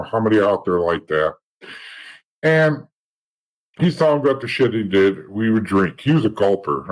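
A fairly low-pitched man, heard through poor audio, is the interview guest: an ex-police officer who became an informant. His account is blunt and profane, with other people's lines acted out.

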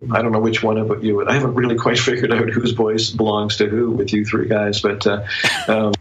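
A man who is an author, talking as a guest in a casual interview, reflective and often pausing to find his words. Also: lowish voice, completely flat delivery, muffled recording, slight background noise.

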